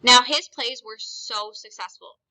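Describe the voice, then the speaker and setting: A woman teacher talks through a recorded lesson in a clear, explanatory way. Her voice sits a little high and sounds very bright and sharp. She speaks directly to her students. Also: measured pace, poor audio.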